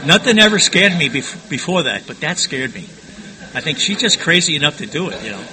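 A man's voice: fairly high pitch, lively intonation, fairly quick, crowd noise, poor audio. An older man frankly recounting his past in a rambling personal testimony, often stumbling and repeating words.

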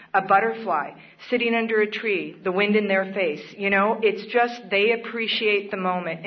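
A woman speaking at a recovery meeting, sharing her own story in an earnest, plainspoken way with occasional laughs. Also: mid-range voice. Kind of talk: personal testimony at a support meeting. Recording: dull lo-fi recording.

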